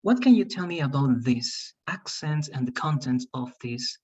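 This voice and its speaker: Husky man teaching an online class. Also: mid-range voice, animated, moderate pace, a little mellow. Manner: coaxing, repeats "all right" and "right". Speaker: English teacher. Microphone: video call. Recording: dull, lo-fi video call audio.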